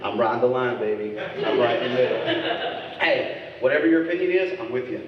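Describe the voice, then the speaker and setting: A male stand-up comedian working a crowd with crude, teasing bits. His voice sits at an ordinary middle pitch. It comes across as a dull, slightly muffled recording from a distance in a long-echoing club, with faint noise behind it. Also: brisk. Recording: echoey club recording from far off.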